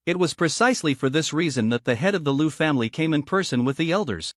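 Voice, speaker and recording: A man narrating a fantasy novel story in a scripted, animated storytelling manner. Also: fairly high pitch, fast, no room sound, studio quality.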